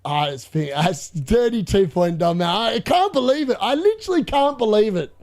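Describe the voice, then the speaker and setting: A young man hosting a live fantasy football watchalong, excitable and gloating, laughing often and repeating himself. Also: high-pitched, normal speed. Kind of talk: live stream commentary.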